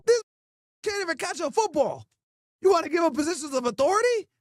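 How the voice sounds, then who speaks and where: A male streamer and podcast host speaks a little fast with an extremely high pitch and big pitch swings. His live-chat commentary is an emphatic, mocking rant loaded with rhetorical questions.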